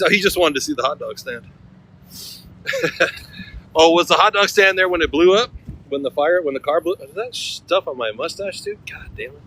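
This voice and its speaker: A man's voice: fairly high pitch, background noise. A man from Central California chatting casually on a walking livestream, rambling and joking with a chuckle, out on city streets.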